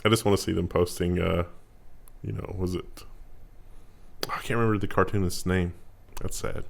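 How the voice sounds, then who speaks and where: A man's voice: sits low, fairly even intonation, normal speed, gravelly. A man co-hosting a casual tech news show, reading headlines and cracking sarcastic quips. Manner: laughs easily, sarcastic quips.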